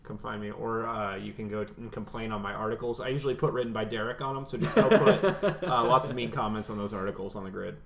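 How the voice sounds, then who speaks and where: Fast-talking gravelly male panelist. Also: on the low side, steady tone, pushed and bright. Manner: quick, joking, wry. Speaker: podcast panelist. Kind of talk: casual panel chat. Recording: roomy echo.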